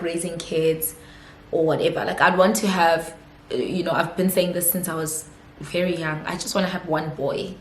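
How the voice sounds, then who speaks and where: Chatty South African woman, echoey room. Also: fairly low pitch. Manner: chatty, giggly, lots of fillers. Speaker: YouTuber. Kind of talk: casual Q&A vlog.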